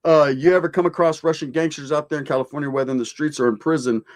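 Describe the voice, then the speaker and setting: A man's voice: on the high side, fairly even intonation, fast. A man hosting a casual livestream, reading out viewer comments in laid-back street slang sprinkled with Spanish words.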